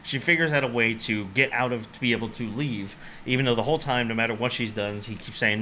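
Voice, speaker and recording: A man's voice: mid-range voice, fast, hardly any pauses, pushed and bright, slight background noise. A man hosting a casual movie podcast, retelling the plot in a rambling way full of fillers. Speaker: podcast host.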